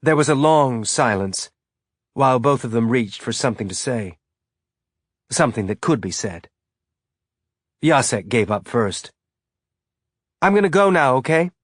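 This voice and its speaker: Slow, measured male audiobook narrator. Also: medium pitch, animated, no room sound, studio quality.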